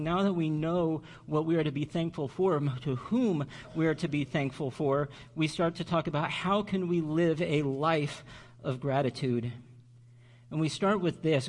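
A man preaching a sermon as pastor, earnest and slowing down on key words for emphasis. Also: fairly high pitch, darkish tone.

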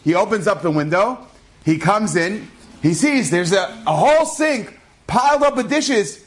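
A man tells a story with animated energy, his voice sitting slightly high. He moves quickly through the tale and keeps it lively. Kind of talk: oral storytelling.

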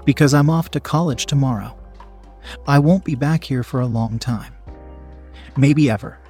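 A man reading the lines of a confident, teasing young woman in a slow, coaxing way. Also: medium pitch, darkish tone, faint music behind, natural voice.

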